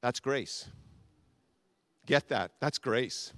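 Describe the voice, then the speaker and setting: A man's voice: mid-range voice, very slow, a bit bright, no room sound, clean studio sound. A male pastor preaching a sermon with emphatic repetition, leading the congregation to repeat phrases back to him. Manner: emphatic, repetitive, leads congregation call-and-response.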